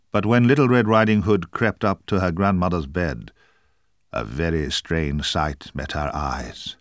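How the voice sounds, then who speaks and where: A man narrating a children's storybook aloud in a slow, expressive read-aloud manner. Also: extremely low pitch, no echo, studio quality.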